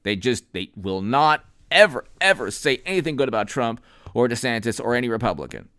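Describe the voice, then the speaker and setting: A man's voice: mid-range voice, sing-song, fairly quick, a bit bright, smooth, no room sound, studio quality. Emphatic rambling male political commentator. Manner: rambling, emphatic, with frequent restarts; reads out viewer names and thanks them. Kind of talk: unscripted political commentary livestream.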